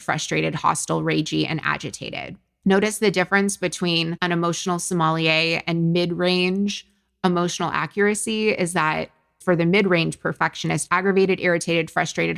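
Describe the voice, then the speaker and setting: A woman's voice: lowish voice, gravelly. A woman hosting a solo podcast, explaining ideas with energy and homely kitchen comparisons. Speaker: podcast host and coach.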